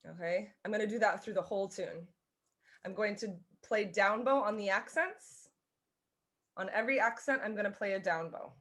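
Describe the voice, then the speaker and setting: A woman teaching a fiddle class over a video call, explaining in a chatty way and often restarting and rephrasing as she goes. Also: mid-range voice. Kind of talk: online music lesson, casual explaining.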